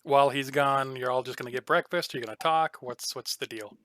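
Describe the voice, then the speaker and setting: Bright, clear-voiced man narrating a tabletop game. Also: medium pitch, fairly quick. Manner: relaxed, rambling narration with frequent ums. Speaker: game master.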